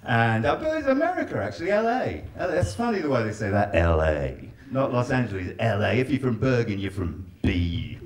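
A man's voice: mid-range voice, very animated, a little fast, few pauses. A man doing a stand-up set in a live venue, chatting with and teasing the audience. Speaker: stand-up comedian. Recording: live show with crowd laughter.

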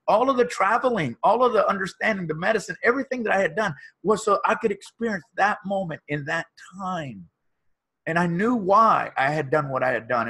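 Husky-voiced man telling a heartfelt story. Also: high-pitched, fairly bright tone. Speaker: guest, motivational speaker and author. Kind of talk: personal storytelling in an interview.

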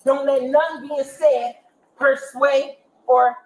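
A woman's voice: sits high, fairly even intonation, takes it slowly, a little mellow, poor audio. A mother arguing heatedly with police outdoors on school grounds, agitated and insistent, repeating herself again and again. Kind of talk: heated confrontation.

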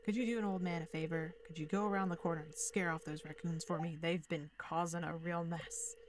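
A woman reading the lines of a humble, gentle old hermit man in a video game, close to her own voice. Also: on the low side, steady tone, fairly quick, a crowd in the background, natural voice.

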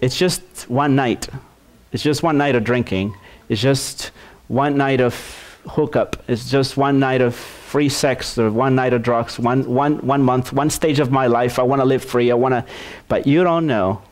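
A male pastor preaching a sermon, telling a story in an animated way with many restarts and repeated words. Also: mid-range voice, a little slow.

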